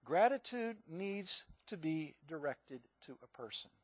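A man's voice: fairly high pitch, very animated, measured pace, no echo. A male pastor giving a conversational sermon, asking the congregation questions.

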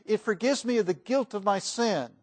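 A man preaching a sermon in a church, folksy and emphatic, rising and falling in loudness for emphasis. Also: sits high, moderate pace.

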